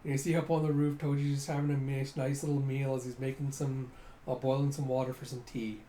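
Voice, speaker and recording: A man casually reading through a comic, narrating in an excitable way, constantly saying "you see" and "he's like.". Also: mid-range voice, brisk, slight background noise. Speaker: comic reader.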